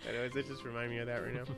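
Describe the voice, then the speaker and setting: A man's voice: medium pitch, little pitch movement, racing, gravelly, a bit bright, soft background music. A man hosting a casual podcast chat, joking crudely and laughing often. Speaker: podcast host.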